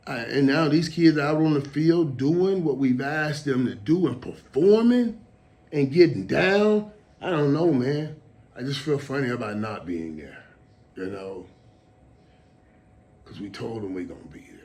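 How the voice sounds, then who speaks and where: Man, casual solo talk, rambling, emotional, mid pitch. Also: animated, unhurried, a little mellow. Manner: emotional, rambling, repeats words. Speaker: show host.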